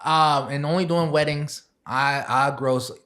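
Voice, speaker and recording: A young man, a DJ and chef, chatting as a podcast guest and laughing through his animated stories. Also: on the high side, unhurried. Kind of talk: casual podcast chat.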